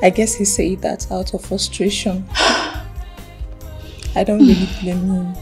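A woman's voice: medium pitch, level tone, unhurried, soft background music, natural voice. An actress with a Nigerian accent playing a young woman who pleads with her boyfriend and turns outraged at his insult. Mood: reflective. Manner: pleading softly, then outraged. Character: young woman, loving girlfriend, hurt and fiery. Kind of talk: film drama acting.

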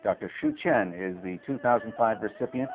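A man narrating a documentary in an even, informative scripted delivery. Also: lowish voice, fairly quick, music in the background. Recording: tinny phone-like sound.

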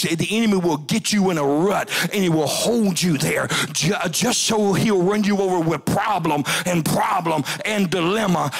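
Male pastor, gravelly husky voice, fiery revival preaching, casting for a church pulpit. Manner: shouting preacher, rising to high-pitched cries. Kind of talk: revival sermon. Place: church sanctuary.

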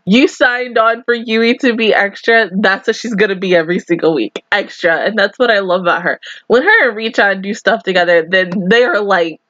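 A woman's voice: medium pitch, moderate pace, hardly any pauses, a bit bright, dry recording, dull audio. A young woman hosting an anime reaction, gushing and giggling through casual commentary full of "like" and "oh my god".

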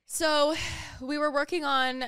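A woman's voice: takes it slowly, dry recording, clean studio sound. A young woman co-hosting a podcast, chatting casually and telling stories with lots of acted-out quotes. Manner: animated storyteller, acts out quotes with big pitch jumps. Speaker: podcast co-host. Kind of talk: casual chat.

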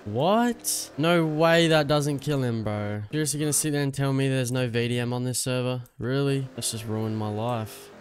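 A man's voice: medium pitch, normal speed, hardly any pauses, faint music behind. A young man trolling other players with cheeky, mocking commentary over game voice chat. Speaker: gaming YouTuber.

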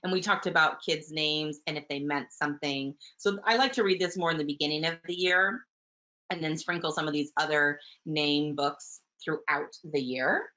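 A woman teaching early childhood, talking warmly about picture books and reading them aloud. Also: low voice, normal speed. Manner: warm, gentle, enthusiastic teacher, with soft fillers. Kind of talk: webinar talk with book read-alouds. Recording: muffled webinar audio.

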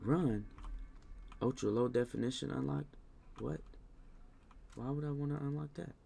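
A man giving casual let's-play commentary on a game, talking to the characters, slangy, with loud scolding bursts. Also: mid-range voice, measured pace, creaky, slight background noise. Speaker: gaming YouTuber.

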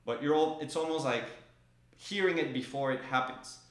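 Against a noisy background, a man with a slightly high voice speaks at normal speed, giving an instructional drum demonstration. His voice echoes around the room as he patiently explains each motion and calls out stroke names in time while drums play.

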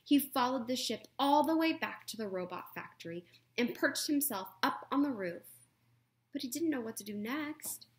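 Expressive woman reading a children's book aloud. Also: fairly high pitch, moderate pace. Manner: expressive and playful, correcting her own slips. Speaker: reader.

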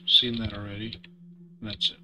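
A man's voice: lowish voice, little pitch movement, moderate pace. A man casually muttering live commentary while playing a stealth game, swearing freely. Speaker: streamer.

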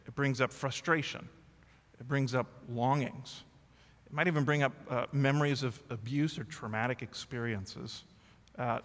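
Bright-voiced pastor preaching in a reverberant hall. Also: male voice, mid-range voice. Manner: self-deprecating humor turning earnest and confessional. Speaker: lead pastor. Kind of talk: sermon.

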